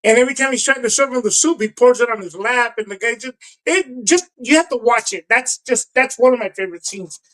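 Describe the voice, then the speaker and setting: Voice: medium pitch, fairly quick, low-quality recording. A podcast co-host chatting casually, retelling film scenes with lots of acted-out lines and laughter. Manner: animated storyteller, acts out film scenes, laughs often. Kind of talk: casual chat.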